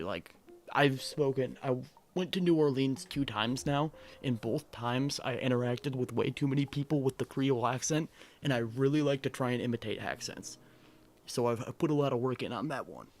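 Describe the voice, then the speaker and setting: A man streaming a video game who chats casually and jokes with his chat in an animated, rambling way. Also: medium pitch, a little hiss or hum.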